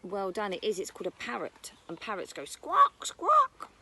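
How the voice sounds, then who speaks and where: A woman's voice: mid-range voice, sing-song, normal speed, sharp tone, slight background noise. A British woman who teaches nursery, reading a picture book about birds to young children outdoors in a garden, using a sing-song storytime voice. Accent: British English.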